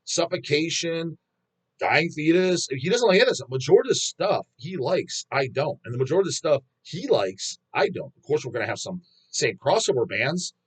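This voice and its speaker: A man's voice: on the high side, very animated, brisk, slightly rough. A man hosting a metal channel, ranting bluntly in a rambling, profanity-heavy vlog monologue.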